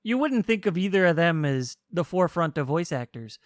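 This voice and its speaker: A man's voice: fairly high pitch, fairly quick, dry recording, studio quality. Man chatting animatedly on a podcast. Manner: animated storytelling, acts out characters' lines. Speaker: podcast co-host explaining a game. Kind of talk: casual chat.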